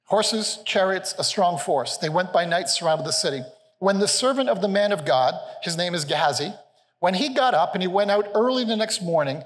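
High-voiced male pastor preaching. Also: a bit bright. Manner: earnest, conversational preaching with repetition. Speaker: senior pastor. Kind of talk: sermon. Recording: long reverb of a large hall.

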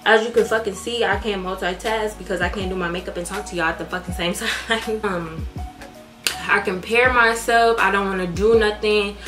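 A woman's voice: mid-range voice, moderate pace, reverberant, music in the background. A young woman, chatting candidly and with lots of swearing while doing her makeup for a beauty vlog. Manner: candid, profane, animated. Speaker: beauty vlogger.

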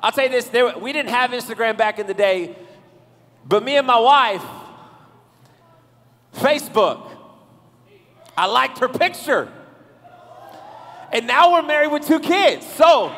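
A man with a high voice preaches in a loose, joking way, talking to his young crowd and teasing them. His voice rings out with a long reverb. He is leading a church service for youth. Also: unhurried, pauses often. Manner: joking, animated, talks to the crowd. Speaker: youth pastor. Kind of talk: casual comedic sermon. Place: large church hall.

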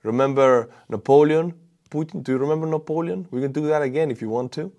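A man's voice: a little high, fast, darkish tone, lo-fi sound, lightly acted. A man putting on an exaggerated French accent to play a cocky, swaggering male French leader. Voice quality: playful, cocky, hammy.

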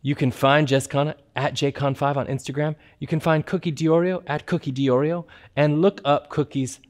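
Campy, slightly high-voiced man hosting. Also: steady tone, normal speed. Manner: campy, joking, then earnest. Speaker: cabaret host. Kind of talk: casual livestream hosting.

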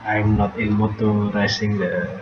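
Guy doing casual let's-play chat, swears a lot, low voice, lo-fi noisy mic. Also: level tone, a little slow, roomy sound. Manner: chatty, swears and laughs at the game. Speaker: gameplay streamer. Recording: dull lo-fi sound with noticeable background noise.

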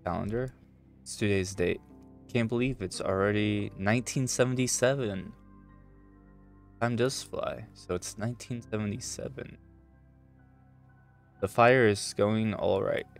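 A man's voice: lowish voice, unhurried, gravelly, long pauses, soft background music. A man with a Swedish accent giving let's play commentary, muttering to himself as he explores. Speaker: gamer.

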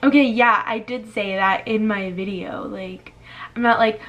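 A woman of twenty-one from Florida, chatting casually in a vlog, full of "like" and quick laughs as she reads comments aloud. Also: medium pitch, fairly even intonation, fairly bright tone, muffled recording. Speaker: YouTuber.

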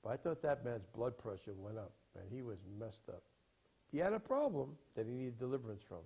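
A man preaching in a rambling storytelling style, emphatic, with sudden swings from loud to quiet. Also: mid-range voice, very animated, fairly quick, breathy edge. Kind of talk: sermon storytelling.

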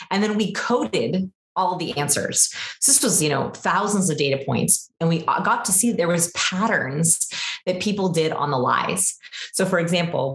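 A woman in her thirties explaining behavior research as an interview guest, animated and quick, acting out examples in her own voice. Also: deep voice, roomy sound. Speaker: guest expert on body language.

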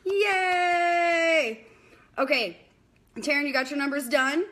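A woman's voice: a little high, lively intonation, a little slow, fairly bright tone. A young woman hosting a casual live-stream bingo game, chatty and scattered, talking to viewers by name.

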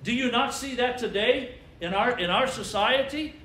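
High-voiced preaching man in echoey church. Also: normal speed, pushed and bright, a little hiss or hum. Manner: emphatic preaching with call-and-response questions. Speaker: pastor. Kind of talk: sermon. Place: church sanctuary. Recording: echoey church with faint ambience.

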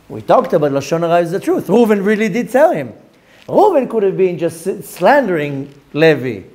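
A man teaching a Torah class as a rabbi, who quickly reads Hebrew passages aloud and acts out the people in his example. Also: high-pitched, a little mellow. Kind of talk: animated Torah lesson.

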